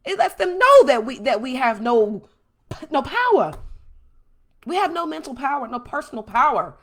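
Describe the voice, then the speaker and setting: A woman's voice: high voice, normal speed. A woman hosting a livestream from home, speaking with passion and answering viewer comments. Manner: impassioned, animated, reads and answers viewer comments. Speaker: host.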